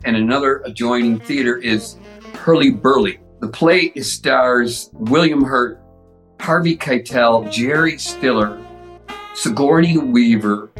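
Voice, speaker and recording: An older man casually telling a lively backstage anecdote, swearing freely. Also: medium pitch, poor audio. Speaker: guest storyteller.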